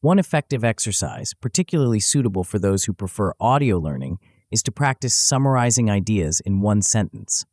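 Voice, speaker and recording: Lively, low-voiced male audiobook narrator. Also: dry recording, clean studio sound. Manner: even, measured instructional delivery. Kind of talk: scripted self-help audiobook narration.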